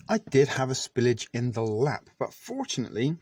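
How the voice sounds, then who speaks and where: A man's voice: medium pitch, sing-song, normal speed, darkish tone, slightly rough, no room sound. Chatty man with a mouthful, jokey review. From Canada. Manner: chatty and self-deprecating, talks with mouth full. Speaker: vlogger reviewing military rations. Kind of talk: casual eating review.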